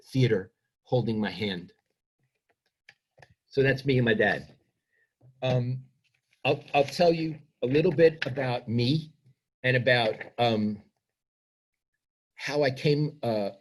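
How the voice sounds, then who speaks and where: There's a breathy edge to this man's mid-range voice. An author from Brooklyn, New York, in his 70s, he reads from his book before musing about himself with self-deprecating reflection.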